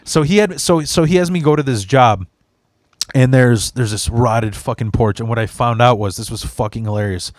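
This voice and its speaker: A man's voice: mid-range voice, normal speed, no room sound, clean studio sound. A man from Chicago hosting a podcast, telling stories in a rambling, heavily profane way full of restarts. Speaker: podcast host. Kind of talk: casual storytelling chat.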